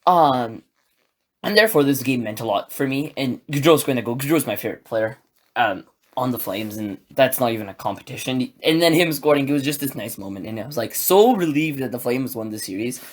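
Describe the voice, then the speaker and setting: A man talks alone into his podcast mic in a mid-range voice, neither high nor low. He is excitable and rambling and packs his sentences with filler words. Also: a little fast. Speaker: podcast host. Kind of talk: solo podcast commentary, casual.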